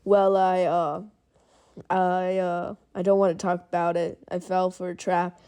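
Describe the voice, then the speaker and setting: A woman's voice: fairly low pitch, flat delivery, a little slow, warm tone, clear, resonant tone, lightly acted. Obi-Wan, a flustered embarrassed mentor, voiced by a woman.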